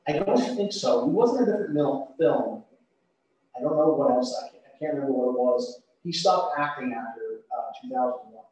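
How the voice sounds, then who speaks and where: A man teaching a yoga class, giving calm pose cues and chatting between them with frequent fillers. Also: medium pitch. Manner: relaxed, unhurried cueing with frequent uh fillers. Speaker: yoga instructor. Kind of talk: yoga class instruction with trivia. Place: yoga studio room. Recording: echoey, distant, dull studio audio.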